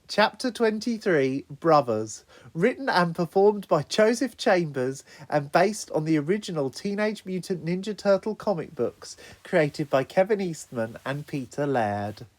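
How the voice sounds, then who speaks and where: Man, audiobook narration, lively pitch, expressive.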